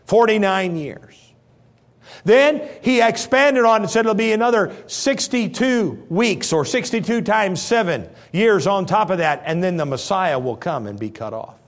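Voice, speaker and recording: A man preaching a sermon as pastor, telling stories with sudden swings from loud to hushed. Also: sits high, lively intonation, measured pace.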